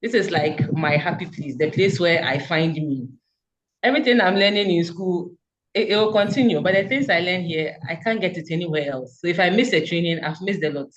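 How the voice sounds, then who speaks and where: A woman's voice: lowish voice, a little fast, muffled recording. A woman giving a fervent, encouraging testimonial about her community, speaking over a video call. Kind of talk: earnest motivational speech.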